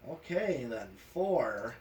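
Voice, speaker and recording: A man's voice: mid-range voice, very animated, takes it slowly, darkish tone, distant mic, a little hiss or hum. A man testing a ceiling fan, talking practically and counting settings aloud. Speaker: fan tester. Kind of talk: casual technical chat.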